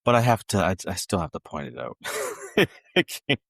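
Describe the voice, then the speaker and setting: Low male co-host, loose and profane, lots of slang and trailing fillers, close dry sound. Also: wildly swooping pitch, normal speed, gravelly, a bit bright, dry recording. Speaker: podcast co-host. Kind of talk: casual film chat.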